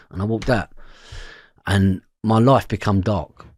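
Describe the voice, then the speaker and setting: A man's voice: lowish voice, steady tone, unhurried, long pauses, a little mellow, no room sound, clean studio sound. A man with a London Cockney accent, telling a story as an interview guest, acting out the voices in his quotes and swearing freely. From East London, England.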